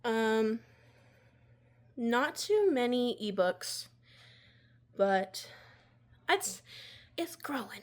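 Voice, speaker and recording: A woman's voice: on the high side, very animated, very slow, long pauses. Chatty young woman with a drawl. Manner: rambling, filler-heavy, chatty. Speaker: book vlogger. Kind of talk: casual vlog chat. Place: at home by her bookshelf.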